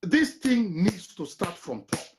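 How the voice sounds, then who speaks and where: A man's voice: high voice, very animated, unhurried, background noise. A man with a Kenyan accent, a guest on a church TV panel, making his points with emphatic, sermon-like exhortation.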